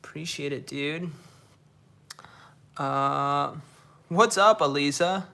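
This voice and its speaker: Laid-back young man with gravelly voice. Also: a little high, slow pace, sharp tone. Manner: laid-back slangy, repeats himself. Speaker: livestreamer reading chat. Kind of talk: casual live stream chat. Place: dark room indoors.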